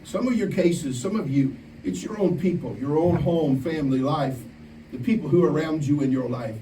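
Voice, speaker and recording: A man preaching a camp sermon, telling stories in an animated way and acting out the voices of the people in them. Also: a little high, moderate pace, slight background noise. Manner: animated storytelling, acts out quoted voices. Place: large room at a camp meeting. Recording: echoey room, distant mic, faint ambience.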